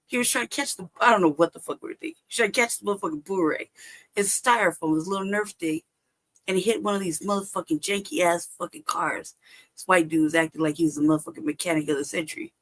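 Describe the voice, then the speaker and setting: A woman from Los Angeles telling a childhood story on a livestream call, swearing constantly and laughing often. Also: lowish voice. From Los Angeles, California. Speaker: livestream guest. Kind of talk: casual storytelling.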